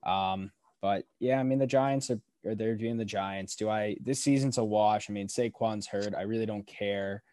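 A man with a fairly low voice co-hosts a casual sports podcast. He answers in laid-back, shrugging replies, and the recording sounds close and dry. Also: moderate pace, hardly any pauses, warm tone, clear, resonant tone, no echo. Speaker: podcast co-host.

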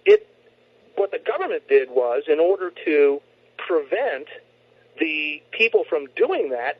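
Man, earnest lecturing guest, husky higher voice, dry thin phone line. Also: dry recording. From United States. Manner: earnest, lecturing, frequent restarts. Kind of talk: opinionated interview talk. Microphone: telephone.

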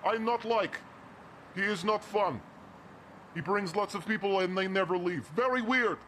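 A man's voice: sits high, moderate pace, fairly bright tone, slight background noise. A man voicing a friendly building supervisor who speaks broken English and drops his articles. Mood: chatty.

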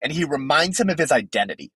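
Male podcast guest, fervent preacher delivery; fairly high, husky voice, very animated pitch. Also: fast, no room sound, poor audio. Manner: fervent, emphatic, with sudden leaps in pitch. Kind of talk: impassioned preaching-style commentary.

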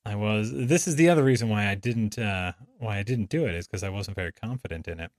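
A man's voice: fairly low pitch, quick pace, no room sound, studio quality. A man co-hosting a podcast in casual chat, talking in a hesitant, chatty way that often trails into restarts. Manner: chatty, hesitant, laughs easily. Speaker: podcast co-host.

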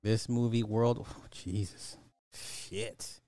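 A man's voice: on the low side, steady tone, slow pace, mellow, no echo, faint music behind. A man hosting a podcast, giving casual, sarcastic commentary and thinking aloud as he looks up numbers. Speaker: podcast host.

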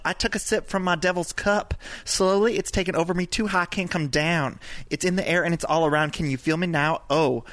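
A man's voice: a little high, a bit bright, no room sound, close to an everyday voice. A man doing an impression of a stressed reality-TV woman, reading song lyrics in a breathless, dramatic way.

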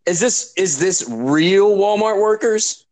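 Lively man arguing in a casual chat. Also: high-pitched, takes it slowly. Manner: argumentative, profane, interrupts with "wait, wait".

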